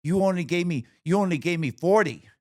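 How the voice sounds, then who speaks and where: A man doing a shrill, high-pitched woman who runs a massage parlor, pushing her point again and again with stubborn insistence. She stays at a level, middling tempo, her voice jumping well above the man's own. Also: lively intonation, fairly quick, a little mellow. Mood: indignant. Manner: insistent, repeating herself.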